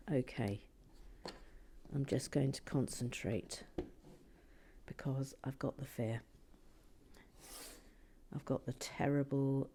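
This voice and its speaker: A woman's voice: a bass voice, warm tone, a little hiss or hum. A woman hosting a Lego build vlog, chatting casually and muttering or whispering to herself as she concentrates.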